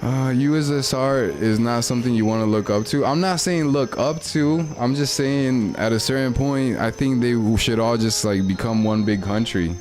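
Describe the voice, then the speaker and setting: A man's voice: medium pitch, normal speed, few pauses, a little mellow, faint music behind. A young man, chatting casually and rambling in slang while livestreaming a game. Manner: slangy, rambling, laid-back. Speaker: streamer.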